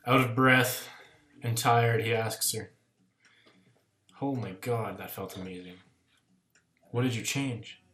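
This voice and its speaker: A man co-hosting a podcast, telling a crude joke at a steady, deliberate pace to sign off. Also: medium pitch, echoey room. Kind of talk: casual chat, telling a joke.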